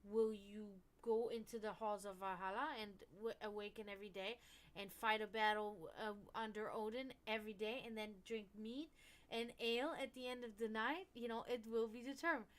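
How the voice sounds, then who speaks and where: A woman hosting a stream and chatting casually and frankly, swearing often and rambling with many restarts, dropping to murmurs and then rising to loud outbursts. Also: on the high side, fairly even intonation, moderate pace. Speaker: stream host. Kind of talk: casual esoteric chat.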